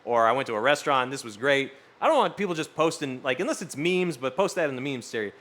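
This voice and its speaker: A man's voice: mid-range voice, fast. A man casually chatting with his stream audience, rambling through stories and swearing freely. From US West Coast. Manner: animated, swearing, rambling storytelling. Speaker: streamer reading chat. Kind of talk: casual live-stream chat.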